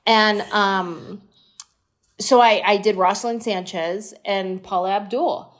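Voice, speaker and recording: Animated woman comedian telling stories. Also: medium pitch. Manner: animated storyteller, slips into quick impressions. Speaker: comedian guest. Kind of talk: storytelling podcast interview.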